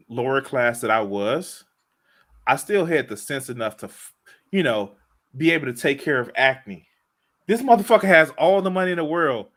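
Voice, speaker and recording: A man hosting a stream, speaking with slow, exasperated asides in casual chat. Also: medium pitch, a bit bright. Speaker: streamer host.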